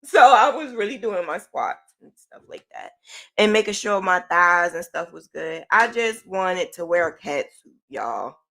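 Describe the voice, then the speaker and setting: A woman hosting a podcast, telling a personal story in a chatty, animated way with informal slang. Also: lowish voice. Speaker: podcast host.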